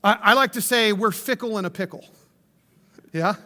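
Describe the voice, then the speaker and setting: A high-pitched man with a bright, ringing voice preaches a sermon as a pastor. He talks in a conversational, enthusiastic way and drops casual asides as he tells the story. A long reverb from the church hall trails after each phrase. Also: normal speed. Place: church sanctuary.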